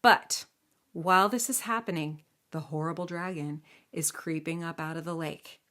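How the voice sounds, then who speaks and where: A woman's voice: deep voice, fairly even intonation, normal speed, a bit bright. A woman from the United States, casually telling a legend to a child, chatty and playful with asides. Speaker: storyteller.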